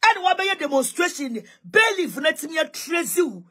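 Ghanaian woman going off on social media, taunting, repeats herself, flips between english and twi, voice high and all over the place. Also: big pitch swings, normal speed, sharp tone. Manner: mocking, repetitive, taunting questions. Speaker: online commentator. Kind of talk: heated social media rant.

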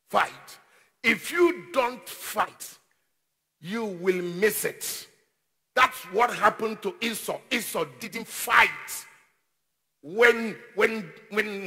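A man preaching a sermon as pastor, with call-and-response and repeated phrases that rise into shouted declarations. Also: high-pitched, lively intonation, takes it slowly, husky, in a large hall.

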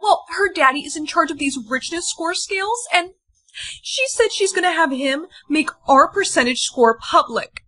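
A woman's voice: very high-pitched, animated, moderate pace, pushed and bright. A woman acting out a comedy skit with a bratty, demanding, dramatic delivery. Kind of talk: comedy skit role-play.

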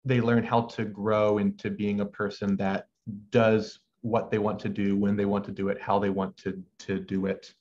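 A man's voice: on the low side, flat delivery, moderate pace, darkish tone. A young man, a medical student guest, speaking thoughtfully with a stutter and repeated sounds. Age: young adult. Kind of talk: conversational interview. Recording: muffled lo-fi call with faint noise.

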